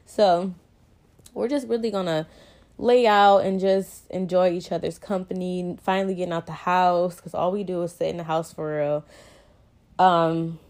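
Chatty young woman with a mellow voice. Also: lowish voice, steady tone, moderate pace. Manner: chatty, rambling, frequent "like" and "you know". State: pregnant, short of breath. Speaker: vlogger. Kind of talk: casual chat to viewers.

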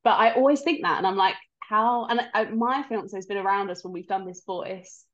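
A woman co-hosting a casual podcast who teases and jokes easily. Her voice comes through a slightly dull, lo-fi recording. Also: mid-range voice. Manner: teasing, quick to joke and exclaim. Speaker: podcast co-host. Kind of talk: casual chat.

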